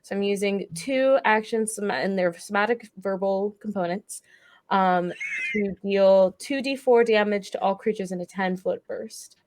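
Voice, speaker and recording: A woman playing a tabletop game, blunt and profane, pausing over rules. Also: mid-range voice. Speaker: player. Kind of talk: casual tabletop play.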